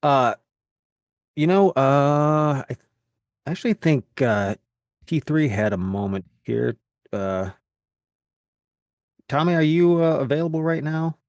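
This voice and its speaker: Relaxed man hosting, dry sound. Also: a little high, takes it slowly, long pauses, dry recording. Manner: relaxed, hesitant with fillers. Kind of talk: casual hosting.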